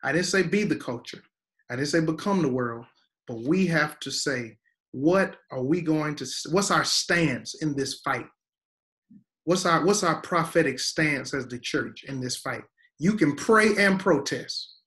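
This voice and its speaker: Guest pastor, man, fairly high voice, preacher's emphatic cadence. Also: unhurried, a bit bright. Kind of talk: preaching-style teaching conversation.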